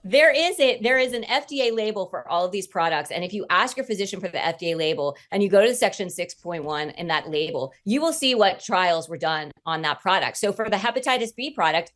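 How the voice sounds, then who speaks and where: A woman's voice: mid-range voice, a bit bright. A woman with an American accent, a guest on a radio interview, arguing her case in a pointed, persuasive way with a touch of sarcasm.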